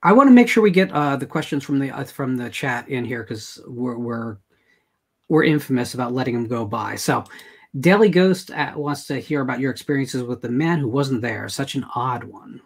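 Man, host, husky, relaxed, trailing off, live-stream chat, video call. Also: mid-range voice, normal speed.

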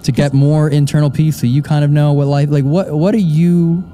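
A man's voice: fairly high pitch, fairly even intonation, moderate pace, mellow, a little hiss or hum. A man hosting a live show, asking his guest long rambling questions and cracking jokes. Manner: joking, rambling questions with restarts.

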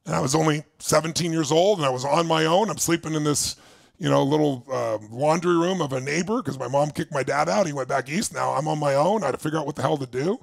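Gravelly older man, intense motivational storyteller. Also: fairly high pitch, fast talker, no room sound. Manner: intense storytelling, swings between loud bursts and quiet asides. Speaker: motivational speaker. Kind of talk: motivational stage talk.

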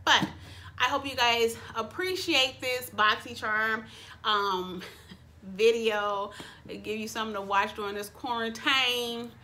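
A woman with a bright, fairly high voice chats to her camera in her bedroom, excitable and gushing. She talks loosely to her viewers and calls them y'all. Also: slow. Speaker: beauty vlogger. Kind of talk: casual unboxing chat.

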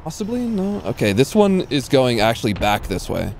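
A man's voice: mid-range voice, sing-song, moderate pace, a little hiss or hum. A man casually commentating his own live gameplay, slangy and swearing freely. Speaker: streamer.

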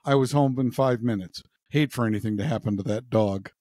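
A man co-hosting a podcast, reading listener jokes aloud in a relaxed, chatty way. His voice is mid-pitched and sits on a dry, close microphone with no room sound. He bumps his pitch up for the characters in the jokes. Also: fairly quick, dry recording. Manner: retells jokes with playful pitch shifts for characters. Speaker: podcast co-host. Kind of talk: casual joke-telling chat.

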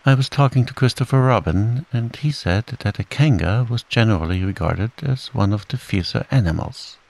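A man's voice: lowish voice, creaky, a little mellow, exaggerated voice. A man voicing a small, timid male piglet in a storybook reading, nervous and hesitant.

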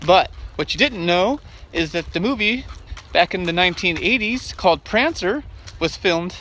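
This middle-aged hiker vlogs casually at a state park, playful and self-mocking as he jokes along. He sits high in pitch and sounds animated, bright and forceful at a normal speed, with slight noise behind him.

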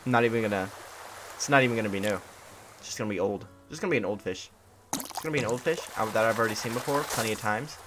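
A man's voice: fairly low pitch, rapid-fire, over music. A tired young man streaming a game, grumbling in sarcastic mock indifference. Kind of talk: casual live-stream gameplay commentary. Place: hot room at home. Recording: noisy home stream recording.

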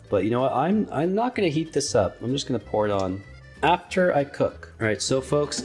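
A man casually chatting through a cooking vlog in his home kitchen, rambling in a goofy, offhand way. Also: medium pitch. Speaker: cooking vlogger.

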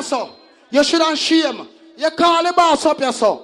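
A Jamaican man working as a sound system selector, hyping and calming the crowd in patois during a live sound clash. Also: extremely high pitch, normal speed. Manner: shouting at the crowd in patois, hoarse hype. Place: live outdoor dance event.

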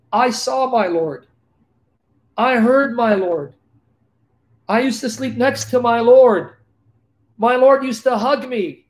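A man voicing the apostle Peter as an older man, speaking fervently and with deep adoration, repeating lines for emphasis.

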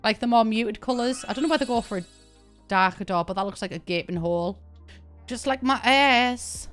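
A young woman with a British accent chats her way through a game stream, rambling and laughing often. Her voice is smooth and clear at an average pitch, with faint music playing behind her. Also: fast. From Britain. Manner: chatty, rambling, laughs often, swears casually. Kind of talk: casual live-stream chat while playing.

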